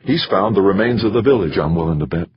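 A man reading an audiobook, voicing an excitable male scientist breathless over a discovery. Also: low voice, quick pace, slightly rough, lo-fi sound, pitched above the performer's own voice, exaggerated voice. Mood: excited. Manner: urgent, excitable.

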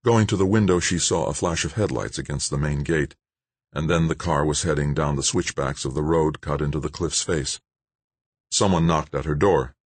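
Deep, husky male audiobook narrator. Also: moderate pace, no echo.

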